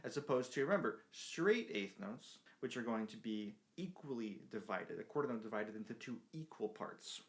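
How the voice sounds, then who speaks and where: A man's voice: mid-range voice, animated, moderate pace, hardly any pauses, over loud music. A man teaching a beginner ukulele lesson, explaining patiently and counting beats aloud while he strums. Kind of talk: music lesson. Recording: ukulele playing behind voice.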